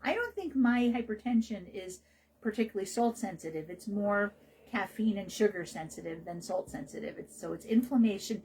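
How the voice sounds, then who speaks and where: A woman's voice: mid-range voice, lively intonation, normal speed, darkish tone, slight background noise, poor audio. A woman hosting a health radio show, talking casually about naturopathic care in a chatty, rambling way with many fillers and restarts.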